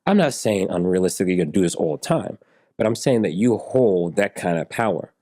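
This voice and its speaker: A man's voice: sits low, animated, brisk, warm tone, no room sound, clean studio sound. A man in his forties, a podcast guest telling stories and acting out the dialogue in them. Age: 40s. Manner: storyteller who acts out dialogue. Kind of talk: podcast conversation.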